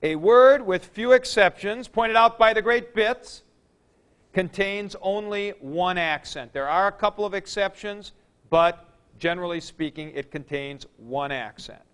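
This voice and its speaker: A man's voice: sits high, measured pace, a bit bright, clear, resonant tone. A man lecturing a class on Greek accent rules, with chatty asides and jokes to his students. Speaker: Greek teacher.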